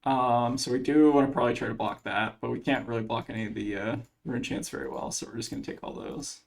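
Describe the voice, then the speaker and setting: A man's voice: medium pitch, fairly even intonation, quick pace, gravelly. A man commentating his own card game match, thinking aloud as he weighs each play, with plenty of fillers. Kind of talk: casual gameplay commentary.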